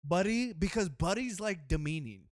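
A young man in casual conversation with friends, animated and quick to laugh. His pitch swings widely as he tells stories and mimics people. The sound is close and dry. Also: dry recording. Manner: animated storyteller, laughs often, acts out quotes. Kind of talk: casual chat.

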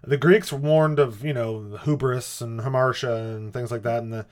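A man's voice: medium pitch, fairly even intonation, moderate pace. A man co-hosting a podcast in casual chat, rambling and hesitant with wry asides. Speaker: podcast co-host.

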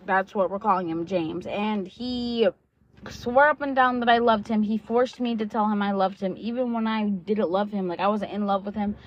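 A woman's voice: mid-range voice, moderate pace. A woman in her twenties, telling a personal story in a candid, blunt way, swearing freely and filling her talk with "like" and "um". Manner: candid and blunt, swears often, many fillers like "like" and "um"; acts out quoted dialogue while retelling. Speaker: vlogger. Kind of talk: casual storytelling. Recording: dull lo-fi sound.

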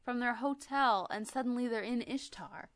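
A woman's voice: fairly high pitch, normal speed, no echo. A young American woman co-hosting a podcast, chatting casually and trailing off with lots of fillers. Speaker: podcast co-host. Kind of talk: casual chat.

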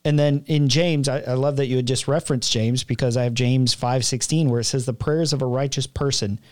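A man's voice: mid-range voice, steady tone, brisk, a little mellow, no room sound. A man co-hosting a casual faith podcast, reflective and quoting scripture as he talks. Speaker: podcast co-host.

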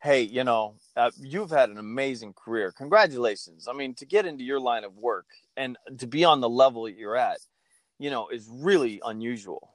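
A man with a mid-pitched, everyday voice chats as a guest, jokey and quick to tell a story. The sound is close and dry, with no room sound at all. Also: dry recording. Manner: chatty, jokey, puts on voices in anecdotes. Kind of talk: casual interview chat.

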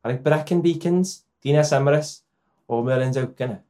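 A man's voice: medium pitch, normal speed, mellow. A man co-hosting a casual podcast, reading short myths aloud and tripping over his lines with laughter, on one mic shared in a room at the back of a house. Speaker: podcast co-host. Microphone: one microphone shared by two people.

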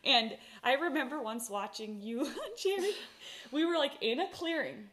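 A woman's voice: high voice, animated, normal speed, fairly bright tone. A woman hosting a casual kitchen chat with her sister, telling stories animatedly and laughing often. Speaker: podcast host.

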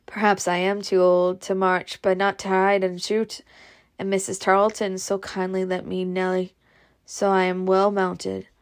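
A woman voicing a calm, kindly Southern gentleman near seventy, soft and reassuring in manner. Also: mid-range voice, unhurried, close to an everyday voice.

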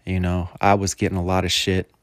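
Man, podcast host, casual rambling monologue, profane, says "man" constantly, heartfelt, lowish voice, dry sound. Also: completely flat delivery, brisk, no room sound. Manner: profane, peppers every phrase with "man"; heartfelt, gets choked up.

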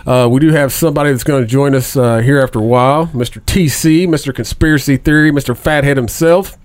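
A man's voice: mid-range voice, quick pace, no echo. A man co-hosting a podcast in casual chat, joking loosely, laughing often and swearing a lot. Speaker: podcast co-host.

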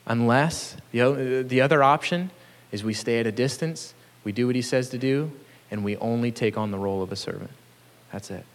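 A man's voice: medium pitch, fairly quick, long reverb tail. A man preaching a sermon in an earnest, conversational way, chuckling now and then between points. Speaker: pastor.

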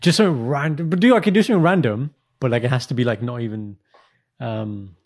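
A man's voice: medium pitch, a little fast, darkish tone. A man hosting a casual podcast, firing jokey, probing questions at his guest.

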